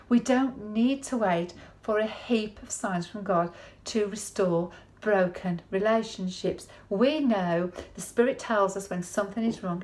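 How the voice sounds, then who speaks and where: A woman's voice: mid-range voice, a little mellow. A woman giving a conversational sermon in a chatty, folksy way, often turning to the listener with tag questions. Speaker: preacher.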